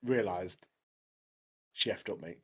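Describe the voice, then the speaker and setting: A man's voice: deep voice, slow, husky. Chatty man, says "mate" a lot. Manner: chatty, says "mate" constantly, animated retelling. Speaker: podcast co-host. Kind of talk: casual anime review chat.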